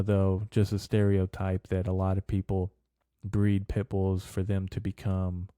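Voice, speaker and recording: A man's voice: sits low, monotone, unhurried, dark tone, clean tone, no echo, studio quality. A young man hosting a podcast, rambling casually and cursing constantly. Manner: loose, profane, rambling with frequent "bro" and "dude". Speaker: podcast host.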